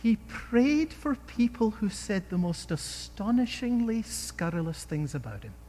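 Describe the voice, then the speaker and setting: Animated male preacher in a reverberant hall. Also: sits high, measured pace, slight background noise. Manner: animated, emphatic storytelling with rhetorical questions. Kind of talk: sermon.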